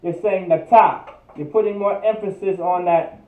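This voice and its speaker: A man's voice: high-pitched, fairly even intonation, moderate pace. A man teaching a livestreamed language class, repeating each word over and over as he drills it. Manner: repetitive, drills each word, thinks aloud. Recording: echoey, distant, tinny phone-like sound.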